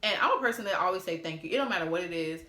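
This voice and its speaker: A young woman with a slightly low voice retells her story in a sassy, profane way. She talks straight to her viewers with plenty of exasperation. Her voice carries a roomy echo. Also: expressive, rapid-fire, bright, forceful tone. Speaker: storytime vlogger. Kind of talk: casual storytime.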